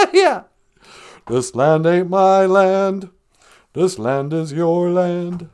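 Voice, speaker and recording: A woman's voice: on the low side, takes it slowly, darkish tone, clean tone. A woman co-hosting a podcast, teasing her partner playfully.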